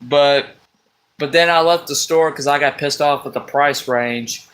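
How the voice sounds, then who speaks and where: A man, ranting on a live stream from a table at home, exasperated, swearing often and breaking into loud outbursts. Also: a little high, unhurried, slight background noise, poor audio. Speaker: livestream host. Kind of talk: rambling live-stream rant.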